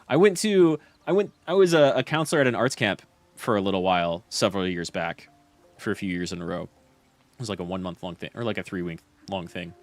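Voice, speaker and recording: Young male streamer, casual rambling chat, lowish voice, faint music behind. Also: fast, fairly bright tone, dry recording. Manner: rambling, with lots of fillers and restarts.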